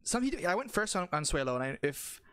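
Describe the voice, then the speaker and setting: Excited young man chatting about a match. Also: high voice, fairly quick, clear, resonant tone, dry recording. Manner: excited, rambling, says "bro" and "dude". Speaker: channel host and competitive player. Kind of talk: casual chat.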